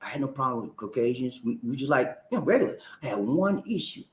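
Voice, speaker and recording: A man hosting a live-stream talk show, reading viewer comments and calling out shout-outs in an animated, preacher-like way. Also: medium pitch, quick pace, echoey room.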